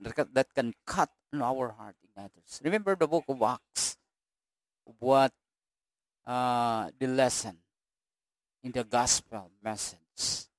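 A man hosting a church service, exhorting the congregation in a halting way with many fillers and a repeated "no?". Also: mid-range voice, lively intonation, dry recording. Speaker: worship service host.

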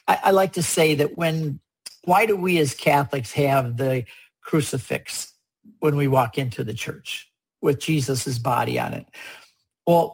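A man's voice: mid-range voice, breathy edge, low-quality recording. A man explaining religious imagery in a conversation, earnest and emphatic, often repeating his key points. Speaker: guest speaker on religious art.

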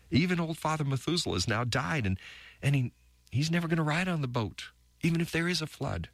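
A man voicing the weary, bitter wife of an ark builder, reading her diary entries with halting, stammered restarts. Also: fairly low pitch, dry recording. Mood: frustrated.

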